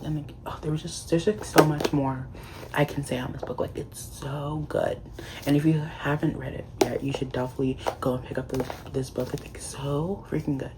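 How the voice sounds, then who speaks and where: A man's voice: on the high side, noisy background. A man giving a casual book review in a vlog, gushing and leaning on constant "like" fillers.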